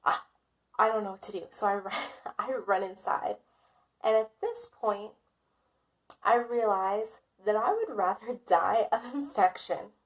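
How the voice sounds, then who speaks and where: A woman's voice: medium pitch, a bit bright. A woman vlogger telling a casual storytime, dramatic and self-mocking, often laughing.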